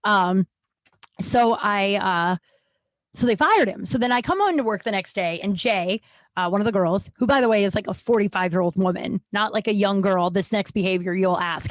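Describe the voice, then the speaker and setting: A woman's voice: fairly quick, no echo. A woman host candidly telling a personal story in a frank, chatty way, with many restarts and some swearing. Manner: frank, chatty, acts out quoted people with pitch jumps; profane, lots of likes and restarts. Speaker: podcast host.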